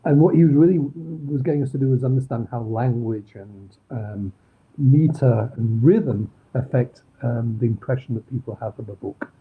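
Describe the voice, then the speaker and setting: A middle-aged man with a broad Manchester accent talks loosely about his work, circling back with ums and restarts. His voice is husky and comes through a narrow, phone-like video call. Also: medium pitch, moderate pace. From Manchester, England. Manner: rambling, many ums and restarts. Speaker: crime novelist guest. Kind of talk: casual interview chat.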